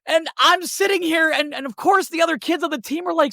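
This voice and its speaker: A man hosting a podcast, chatting casually and telling stories with lively swearing. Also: very high-pitched, brisk, creaky, no echo, studio quality. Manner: animated storytelling with profanity. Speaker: podcast host. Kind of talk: casual chat.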